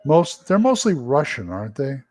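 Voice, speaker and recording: A man's voice: medium pitch, very animated, normal speed, a little mellow, no echo. A man co-hosting a casual talk show, joking around with wisecracking asides. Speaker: co-host. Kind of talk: casual chat.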